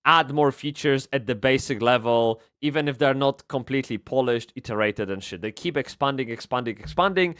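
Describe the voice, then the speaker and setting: A man streaming a game live, rambling and swearing as he swings from excited yelling to low muttering. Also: fairly quick, hardly any pauses. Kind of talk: live gameplay commentary.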